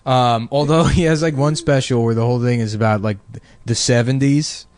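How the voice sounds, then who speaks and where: A man in casual comedy chat, animated and profane, acting out comedians' bits in high put-on voices. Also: fairly quick, smooth, no room sound.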